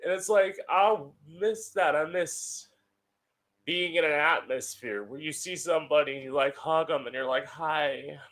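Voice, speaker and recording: A man's voice: a little high, normal speed, fairly bright tone. A young man hosting his own podcast from home, talking casually in a chatty, sardonic way and swearing freely. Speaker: podcast host. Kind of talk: casual solo podcast monologue.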